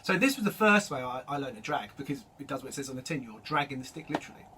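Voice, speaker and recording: A man teaching drum rudiments, explaining each stroke in a relaxed way and calling out the stickings as he plays. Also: mid-range voice, fast talker. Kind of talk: instructional demonstration. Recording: distant mic with loud drum noise.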